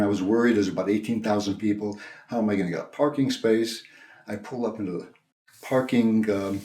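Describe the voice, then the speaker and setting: An older man, a minister, telling a personal story in a sermon, in a gentle, conversational, halting way with many restarts. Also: lowish voice. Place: church sanctuary. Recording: roomy echo.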